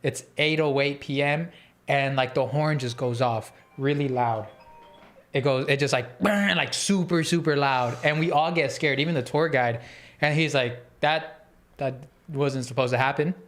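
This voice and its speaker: A man on a podcast telling a story in a casual, animated, rambling way, full of fillers and restarts. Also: mid-range voice, measured pace. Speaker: podcast host.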